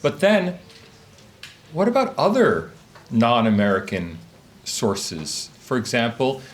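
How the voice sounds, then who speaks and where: Speaking slowly in a mid-range voice, a male academic lectures from notes to a live audience in a conference room. His conference talk is lively and questioning in style.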